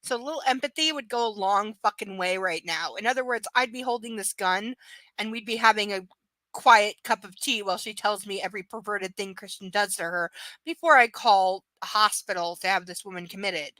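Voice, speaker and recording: Blunt, bright-voiced woman book reader. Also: mid-range voice, brisk, no room sound. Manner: blunt, sarcastic, swears freely. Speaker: host reading a novel aloud. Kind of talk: live reading with casual commentary.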